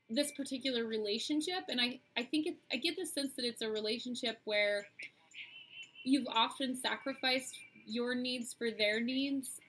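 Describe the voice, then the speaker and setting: Bright-voiced woman reading oracle cards. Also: on the high side, low-quality recording. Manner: chatty, speaks straight to viewers, frequent "um"s. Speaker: oracle card reader and stream host. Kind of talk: live-streamed psychic card reading.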